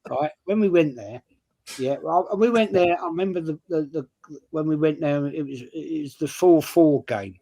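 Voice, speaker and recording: A man's voice: fairly high pitch, normal speed, warm tone, low-quality recording. A man telling away-trip stories in casual fan chat, rambling and often restarting his sentences. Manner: rambling, restarts a lot, full of "um".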